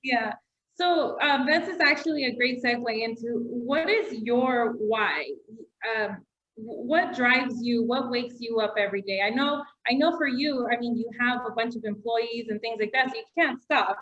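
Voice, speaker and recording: A woman's voice: fairly high pitch, moderate pace, fairly bright tone, muffled recording. A woman real estate agent interviewing a guest in a casual, encouraging way, laughing along.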